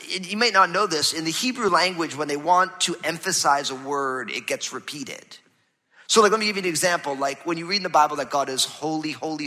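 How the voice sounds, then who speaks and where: A man preaching a sermon as pastor, animated, swinging between loud emphasis and hushed low passages. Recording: reverberant hall.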